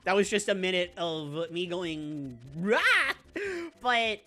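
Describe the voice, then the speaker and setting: A woman streaming a video game, chatting casually with her viewers, laughing often and squealing when things get exciting. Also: lowish voice, unhurried, faint music behind. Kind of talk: casual live-stream commentary.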